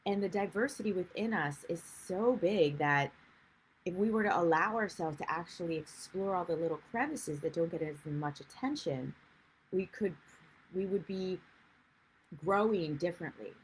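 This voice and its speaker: A woman's voice: lowish voice, moderate pace, slight background noise, rough recording. A woman life coach giving a chatty, rambling livestream talk and greeting viewers as she goes. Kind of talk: live-streamed coaching talk.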